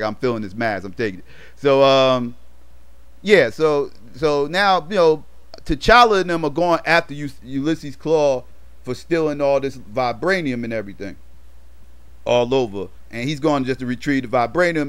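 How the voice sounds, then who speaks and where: A man's voice: mid-range voice, clean tone, dry recording. A man casually retelling a movie plot for his review, rambling with lots of fillers and slang.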